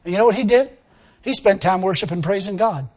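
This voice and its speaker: A man preaching a lively sermon to a responding congregation, laughing often and acting out the people he quotes. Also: sits high, fairly quick. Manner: animated, laughing, acts out quotes. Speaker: pastor.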